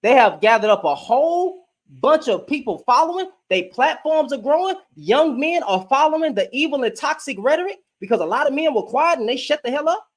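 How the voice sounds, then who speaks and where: A man's voice: very high-pitched, big pitch swings, brisk. A young man hosting a heated live debate, ranting fiercely and cursing freely. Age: young adult. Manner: fiery, profane, ranting.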